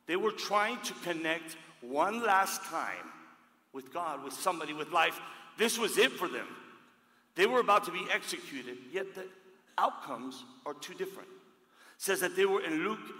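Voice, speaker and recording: Animated male preacher in an echoey hall. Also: fairly high pitch. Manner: emphatic, swings from loud to hushed. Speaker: pastor. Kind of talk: sermon. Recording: echoey hall with long reverb.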